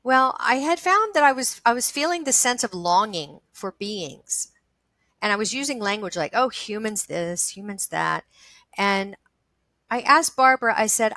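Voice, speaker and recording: A woman's voice: mid-range voice, animated, a little slow, bright, forceful tone, dry recording, rough recording. A woman, an actress, speaking as an interview guest and telling a personal story in an earnest, emphatic, heartfelt way, often restarting her sentences.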